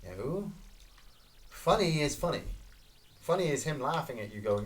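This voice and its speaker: A Scottish man giving casual, excitable gameplay commentary, swearing and reacting loudly to each kill. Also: a little high, measured pace. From Scotland. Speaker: gaming streamer.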